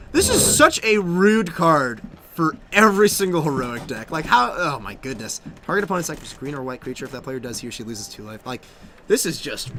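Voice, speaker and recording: A man co-hosting a casual card game stream, rambling and excitable with lots of fillers. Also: a little high. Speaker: stream co-host. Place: game store.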